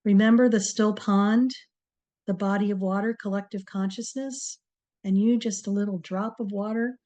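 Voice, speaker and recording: A woman hosting a TV talk, giving a slow, encouraging motivational talk to viewers with many pauses. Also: mid-range voice. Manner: slow, pausing, soft-spoken and encouraging. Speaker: TV show host, speaker on word power.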